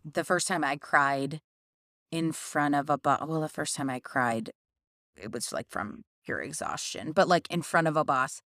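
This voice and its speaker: A woman's voice: low-pitched, a little slow, a bit bright, no room sound, clean studio sound. A young adult woman co-hosting a podcast, affirming the others in casual chat. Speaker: podcast co-host.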